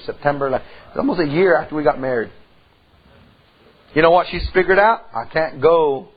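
A middle-aged man, preaching a folksy sermon that swings between loud outbursts and hushed tones. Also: mid-range voice, husky, dull audio. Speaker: pastor.

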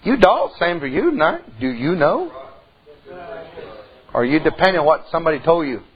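A man's voice: a little high, sing-song, quick pace, highs cut off. A middle-aged man preaching a sermon in church, telling a folksy story and rising into emphatic calls to the congregation.

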